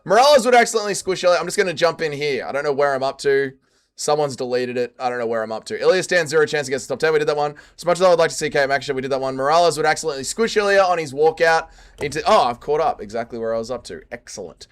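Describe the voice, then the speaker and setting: A young man casually chatting on a livestream and reading viewer comments aloud, jumping between loud quips and low mutters. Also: expressive, very fast, clean tone. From Australia. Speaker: streamer reading chat.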